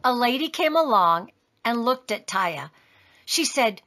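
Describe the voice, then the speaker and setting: A woman reading a children's story aloud in an expressive, sing-song way. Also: a little high, slow. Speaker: storybook reader.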